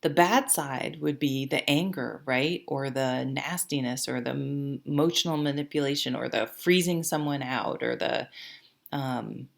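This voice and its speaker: A woman's voice: a bass voice, unhurried, vocal fry. A woman giving a casual, chatty tarot reading to camera, rambling and often breaking off mid-sentence. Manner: chatty, rambling, self-interrupting. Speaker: tarot reader.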